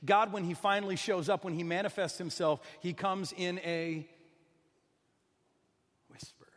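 A man delivers a sermon, his fairly high voice ringing with a long reverb through a large hall. He swings between soft, hushed passages and loud, pleading emphasis, often repeating and restarting words as he goes. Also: fairly even intonation, moderate pace. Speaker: preacher.

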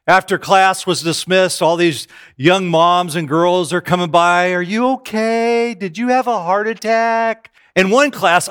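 A man's voice: high voice, fairly bright tone, clean tone. A middle-aged man preaching a sermon, telling self-deprecating stories to his congregation. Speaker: pastor.

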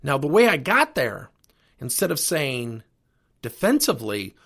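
Middle-aged man, podcast host and coach, husky, gravelly voice, very lively pitch. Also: unhurried. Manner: animated, earnest coaching delivery. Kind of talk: solo podcast talk.

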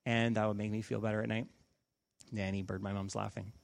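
A man's voice: fairly low pitch, little pitch movement, a little fast, creaky. A man in his thirties, a pastor, preaching a conversational sermon with stories and sudden emphatic bursts.

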